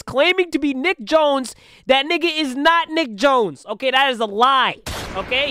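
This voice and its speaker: A man reacting to a video as a streamer, talking in a loud, incredulous, profane riffing way. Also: very high voice, expressive, a little slow, a little hiss or hum. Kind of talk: casual reaction commentary.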